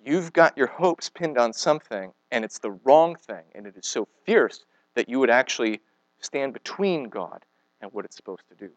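A man's voice: mid-range voice, expressive, normal speed, no room sound, lo-fi sound. A man preaching a sermon, telling stories animatedly, acting out the quoted speakers and asking the congregation questions.

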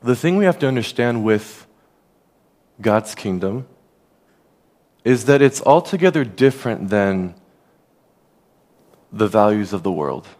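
A man preaching a sermon as a pastor, earnest and conversational, dropping softer on key phrases. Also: fairly low pitch, animated, unhurried, pauses often.

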